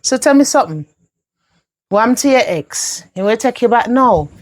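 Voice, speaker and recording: A woman's voice: fairly high pitch, moderate pace. A woman playing a fiery Jamaican mother. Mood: stern. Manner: emphatic, animated, scolding and comforting. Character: protective older Jamaican mother. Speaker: actor in a film. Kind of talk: patois film dialogue.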